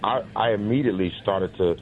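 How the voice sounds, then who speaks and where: Deep-voiced pastor on phone line. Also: male voice, brisk. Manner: warm and earnest, many ums. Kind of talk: casual phone-in chat. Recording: tinny phone line with faint noise.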